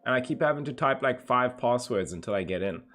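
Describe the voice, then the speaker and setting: A man's voice: medium pitch, expressive, fast talker, music in the background. A man livestreaming in a casual, laid-back way, greeting viewers by name and reading chat aloud.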